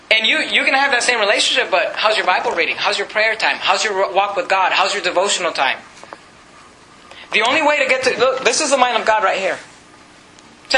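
A man pastor preaching a sermon with emphatic repetition, reading scripture slowly and deliberately. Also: sits high, bright, forceful tone, reverberant, a little hiss or hum, low-quality recording. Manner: emphatic preaching, repeats scripture references, reads King James verses slowly. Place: church.

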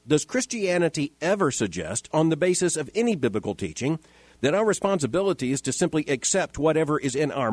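A man hosting a podcast, giving measured, emphatic scripted commentary that quotes and rebuts with repetition. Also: fairly high pitch, a little mellow, no echo. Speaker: host of a daily commentary podcast.

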